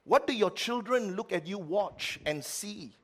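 A middle-aged man preaching a sermon as pastor, with lively swings between loud, emphatic lines and quiet ones. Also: high-pitched, measured pace.

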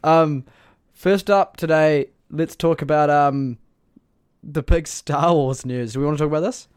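A man's voice: fairly high pitch, measured pace, smooth, no room sound, studio quality. A man co-hosting a casual podcast, joking around and trailing off into fillers. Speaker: podcast co-host.

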